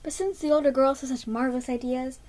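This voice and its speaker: A young woman reading a picture book aloud, with animated, expressive storytelling. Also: sits high, fast, low-quality recording.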